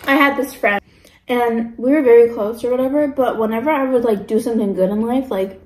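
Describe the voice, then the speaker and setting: A woman's voice: fairly high pitch, fairly quick, darkish tone, reverberant, rough recording. A young woman vlogging casually while eating, ranting about pet peeves with lots of fillers. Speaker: mukbang vlogger.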